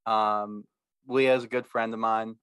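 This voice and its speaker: A man's voice: fairly low pitch, level tone, a little slow, a bit bright, smooth, dry recording. Laid-back man co-hosting a podcast. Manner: laid-back, laughs easily. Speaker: podcast co-host. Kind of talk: casual chat.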